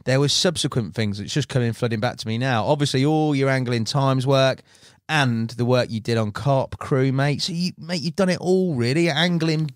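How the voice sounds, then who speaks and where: A man's voice: mid-range voice, normal speed, no echo, clean studio sound. A man hosting a podcast in casual interview chat, friendly and matey, calling his guest mate. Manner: matey, says mate a lot. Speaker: podcast host.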